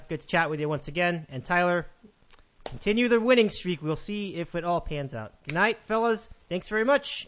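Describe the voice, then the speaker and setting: A man's voice: a little high, fairly bright tone, a little hiss or hum. A man hosting a sports podcast, chatting casually and upbeat with callers, laughing easily.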